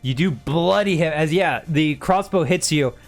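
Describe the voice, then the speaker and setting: A somewhat high-voiced man acts as game master for an online tabletop session, talking loosely and casually. He laughs easily and swears offhand while narrating. Faint music sits behind him. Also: normal speed.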